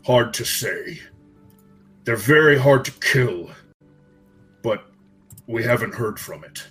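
A man voicing a hulking, cowed male ogre shaman with a deep guttural voice who stumbles over his words. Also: animated, takes it slowly, a bit bright, soft background music. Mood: grumbling. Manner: stumbling, hesitant.

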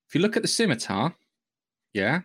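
A man co-hosting a podcast in casual chat, talking quickly in asides and checking in with "yeah?", with the odd swear. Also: fairly high pitch, big pitch swings, fairly bright tone, husky. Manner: chatty, punctuates with "yeah?", swears. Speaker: podcast co-host.

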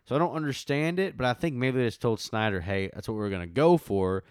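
A man's voice: medium pitch, expressive, fairly quick, clear, resonant tone, no room sound, studio quality. A man hosting a casual film discussion, recapping scenes in a rambling, enthusiastic way with plenty of fillers.

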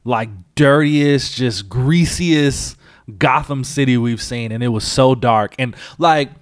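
A young man co-hosting a casual movie review chat, animated and swearing a lot, often mimicking voices. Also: medium pitch, slow, smooth, no room sound, clean studio sound. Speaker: podcast co-host.

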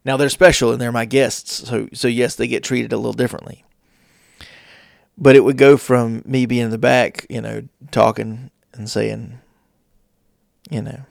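A man hosting a casual advice talk, with deliberate pauses and playful shifts of tone. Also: medium pitch, level tone, creaky, a little mellow, no room sound, studio quality. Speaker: host.

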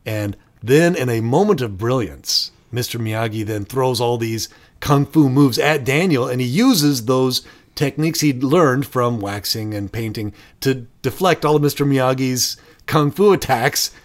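A middle-aged podcast co-host chats casually, telling stories animatedly and acting out movie quotes. His voice is mid-range and a little slow.

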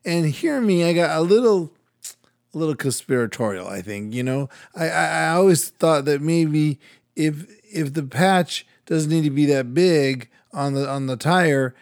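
Animated older man telling a story. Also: fairly high pitch, a little slow, creaky, dry recording, studio quality. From Latin American heritage, United States. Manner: animated storyteller, acts out voices, laughs often. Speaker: radio and podcast host. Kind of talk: casual storytelling chat.

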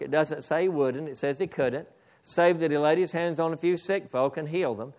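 A man's voice: on the high side, moderate pace, a little mellow. A male pastor preaching a sermon, reading a story aloud and calling on his congregation to pay attention. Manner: emphatic, calls on the congregation.

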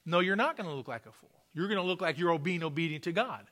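In a church sanctuary, a male pastor delivers a sermon at a quick pace, his voice on the high side, lively in intonation, pushed and bright. He tells a testimony as a story and drives his points home through emphatic repetition.

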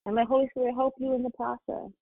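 A woman's voice: a little high, little pitch movement, quick pace, dry recording. Woman host, fervent exhortation on a church call; tinny phone sound. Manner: fervent, encouraging. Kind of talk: preaching and exhortation. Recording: dry, tinny phone line.

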